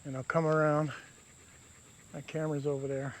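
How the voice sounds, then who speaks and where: A man's voice: a little high, flat delivery, normal speed. Chatty man camping outdoors. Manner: easygoing, rambling, chatty. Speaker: outdoor vlogger. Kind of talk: casual camping vlog talk to camera. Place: outdoors in damp woods by a river. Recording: faint outdoor insect noise. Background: crickets and insects.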